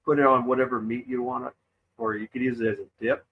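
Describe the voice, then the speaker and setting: A laid-back man tells rambling stories on a live stream and laughs often. His voice sits at an everyday middle pitch. The sound is dull and lo-fi. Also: flat delivery, fast talker, a little hiss or hum. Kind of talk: casual chat.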